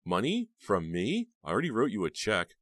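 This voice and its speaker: A man voicing a frightened, pleading teenage girl in a storybook reading, his voice pushed up high and tense. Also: big pitch swings, normal speed, a bit bright, dry recording, studio quality. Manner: tense, raised voice.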